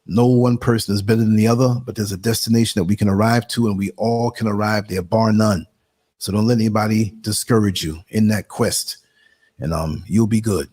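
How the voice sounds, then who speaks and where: A man's voice: lowish voice, steady tone, a little fast, darkish tone, breathy edge. A man with a New York accent hosting a live online talk show, chatting casually and laughing often while he works the computer.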